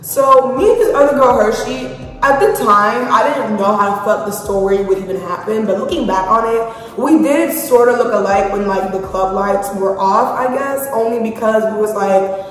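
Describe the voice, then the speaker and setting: Animated young woman telling a story. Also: on the high side, moderate pace. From Haiti. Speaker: vlogger. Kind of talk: storytime vlog. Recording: very echoey room with long reverb, faint music.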